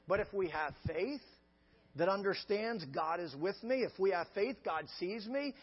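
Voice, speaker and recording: A man with a high voice preaches a sermon, stacking phrase on phrase in an emphatic, repetitive cadence. The sound is dull and lo-fi, with a long reverb trailing each line as if from a large church hall. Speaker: pastor.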